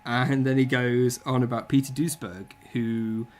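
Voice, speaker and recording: A man's voice: medium pitch, little pitch movement, a little slow, darkish tone. A man, chatting casually and bluntly, with strong opinions and plenty of swearing. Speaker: podcast co-host. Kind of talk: casual chat.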